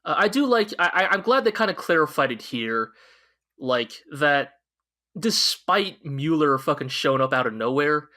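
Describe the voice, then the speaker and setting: A man co-hosting a podcast, chatting about an anime in an excitable, rambling way, with frequent restarts and swearing. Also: fairly high pitch, normal speed. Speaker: podcast co-host. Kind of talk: casual anime review chat.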